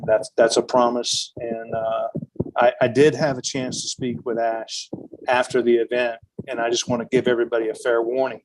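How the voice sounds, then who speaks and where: A man's voice: mid-range voice, darkish tone, slight background noise, poor audio. Earnest man full of hesitations. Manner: hurried, earnest, with frequent hesitations. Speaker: intensive care clinician. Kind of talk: informal video-call remarks. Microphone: video call.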